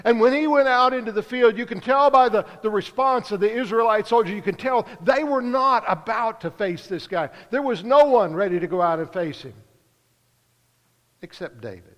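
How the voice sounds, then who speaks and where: A man preaching a sermon, earnest, pausing and lifting his voice for emphasis. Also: very high-pitched, expressive, a bit bright, in a large hall.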